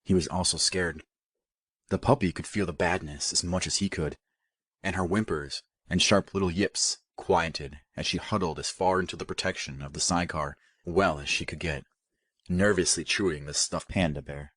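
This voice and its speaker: A man narrating an audiobook in a steady, even storytelling manner. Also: low-pitched, moderate pace, no echo, clean studio sound. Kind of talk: scripted narration.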